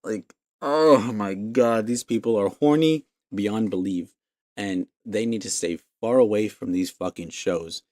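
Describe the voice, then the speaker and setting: Swearing freely, this man hosts his podcast in a casual, exasperated rant, breaking into laughs mid-sentence. His lowish voice is mellow and measured, recorded in clean studio sound with no echo.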